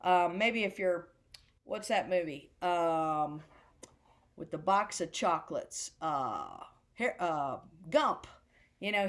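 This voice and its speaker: A woman teaching a drum class, chatting loosely and chanting rhythm words slowly in time. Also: fairly high pitch, animated. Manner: chatty, rambling explanations. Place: senior center class room.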